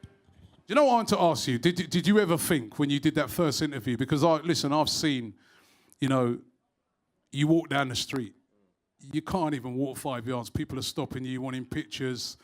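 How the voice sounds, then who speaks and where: A man's voice: medium pitch, normal speed. A man hosting a live show, telling stories energetically and throwing in "right?". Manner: energetic, storytelling, rhetorical "right?". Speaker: host.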